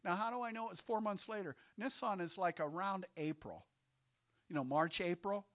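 A man's voice: sits high, moderate pace, no room sound. A male pastor preaching a sermon in a conversational way, quizzing the congregation with questions. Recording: dull, lo-fi sermon audio.

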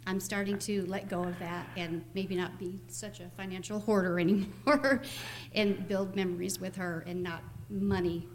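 A woman's voice: medium pitch, steady tone, normal speed. Middle-aged woman, nervous but earnest, mid-range voice, speaking to her church. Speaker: congregation member giving testimony. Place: church sanctuary.

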